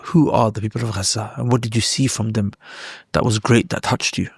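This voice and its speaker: A man hosting an interview, asking measured questions with some stumbles. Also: fairly low pitch, fairly even intonation, vocal fry, slightly rough, no echo, clean studio sound. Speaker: interview host.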